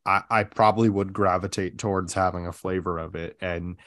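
A man's voice: low-pitched, a little fast, no echo, clean studio sound. A man hosting a podcast, chatting casually with lots of "like" and "uh" fillers. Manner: relaxed, filler-heavy, many "like" and "uh". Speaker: podcast host. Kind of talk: casual chat.

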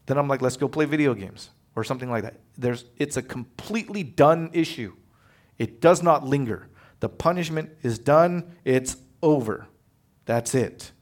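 Guy pastor preaching, chatty and animated, does little voices for quotes, medium pitch. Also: normal speed. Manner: animated storytelling, acts out quotes. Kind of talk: sermon.

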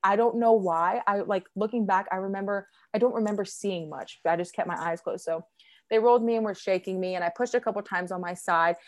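A woman's voice: medium pitch, brisk. A young woman in casual conversation, telling a personal story in a chatty way, with lots of fillers and quoted voices. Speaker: guest sharing a birth story.

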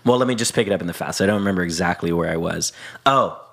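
A man's voice: low voice, quick pace, creaky, fairly bright tone, breathy edge. A young man on a Christian podcast, earnestly telling a personal story and quoting prayers and scripture in casual chat. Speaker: podcast co-host.

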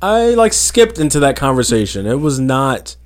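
A man's voice: medium pitch, big pitch swings, moderate pace. A man chatting casually with his partner as podcast co-host, blunt and dryly teasing. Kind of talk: casual couple chat.

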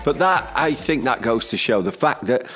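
A man's voice: mid-range voice, animated, normal speed, fairly bright tone, soft background music. A man co-hosting a podcast in casual chat, enthusiastic and jokey. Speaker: podcast co-host.

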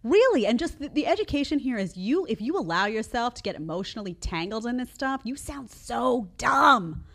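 A woman hosting her own commentary show, reacting emphatically to old clips with loud bursts and quiet asides. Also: a little high, fast. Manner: animated, emphatic, jumps between loud outbursts and quiet asides. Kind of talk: opinionated commentary.

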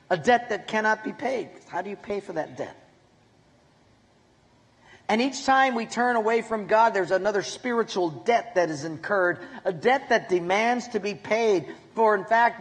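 A man with a Hawaiian accent preaching a sermon as pastor, telling funny stories and joking with his congregation. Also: high voice. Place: large church hall with a congregation. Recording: echoey hall with long reverb.

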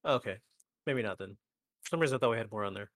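A man's voice: fairly low pitch, lively intonation, fast talker, fairly bright tone, dry recording, studio quality. A man co-hosting a live stream talk show, bantering with jokes at his own expense. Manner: joking, self-deprecating banter. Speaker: podcast co-host. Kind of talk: casual chat.

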